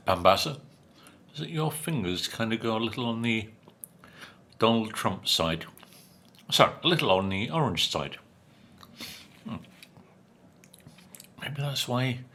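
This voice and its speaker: An older man talks about the food he is eating at home, in an unhurried and chatty way with a dry wit. His voice is bright and a little forceful. He pauses to chew and hum between remarks. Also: medium pitch. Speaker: food vlogger. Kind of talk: casual food review while eating.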